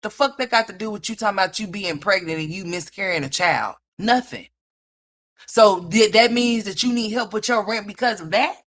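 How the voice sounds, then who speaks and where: A woman commentator ranting with incredulous, profane, rapid-fire talk full of restarts. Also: medium pitch, fairly bright tone.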